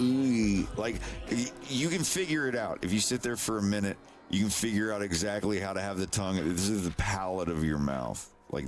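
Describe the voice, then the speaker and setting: A man chatting casually on a live stream, rambling and swearing as he demonstrates mouth sounds. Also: low-pitched.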